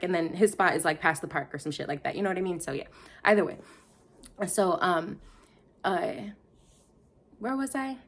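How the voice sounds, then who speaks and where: Young woman, chatty storyteller: rambling, full of "like", quick to laugh, mid-range voice. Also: medium pitch. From Detroit. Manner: rambling, self-interrupting, laughs often, lots of "like". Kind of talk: casual storytime monologue.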